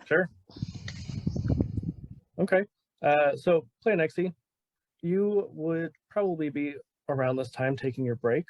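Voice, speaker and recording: A man's voice: on the high side, slow, long pauses, no room sound, muffled recording. A man in the role of game master, narrating a tabletop game in a casual, laid-back way with plenty of fillers.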